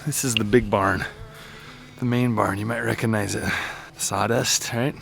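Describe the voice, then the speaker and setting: A man's voice: lowish voice, fairly even intonation, unhurried, vocal fry, over music. Easygoing young man, chatty ranch vlogger. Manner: chatty and easygoing, with small laughs and groans at the cold. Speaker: cattle rancher. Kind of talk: casual vlog narration. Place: outdoors and in barns on a cattle ranch in cold wind.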